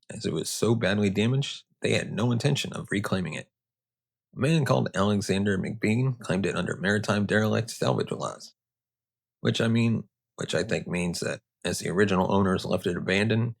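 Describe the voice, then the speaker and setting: A man's voice: on the low side, vocal fry, breathy edge. A man hosting a history podcast, telling the story casually with sarcastic, joking asides. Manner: casual, sarcastic, riffing off-script. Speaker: podcast host.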